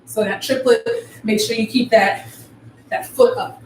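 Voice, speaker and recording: Dance teacher calling rhythms, echoey. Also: female voice, on the high side, steady tone, measured pace. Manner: counts rhythms aloud with vocal syllables. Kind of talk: live online dance class instruction. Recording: echoey room from far off, faint noise.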